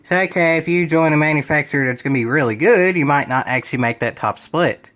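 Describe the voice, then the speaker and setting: A man's voice: a little high, fast, a bit bright. A young man reading a web page aloud and commenting on it in a sarcastic, exasperated, rambling way. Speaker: gaming video creator.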